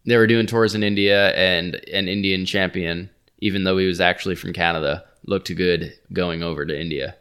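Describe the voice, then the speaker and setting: A man's voice: low-pitched, fairly even intonation, normal speed, hardly any pauses, a bit bright, clean tone. A man co-hosting a wrestling podcast in casual chat, hesitant and often restarting his sentences. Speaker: podcast co-host.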